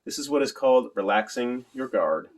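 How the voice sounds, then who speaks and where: A man's voice: medium pitch, expressive, moderate pace. A man narrating an audiobook in the first person in a literal, matter-of-fact way.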